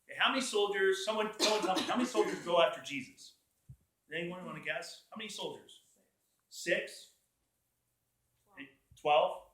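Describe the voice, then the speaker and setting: A young man giving a casual Bible talk to a college group, animated, acting out quotes and asking the room questions. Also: high voice, normal speed, long pauses. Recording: echoey room.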